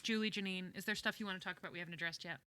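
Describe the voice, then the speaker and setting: A woman's voice: lowish voice, racing, no room sound. A woman hosting a podcast, chatting casually and steering the talk. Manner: leads the talk, relaxed and chatty.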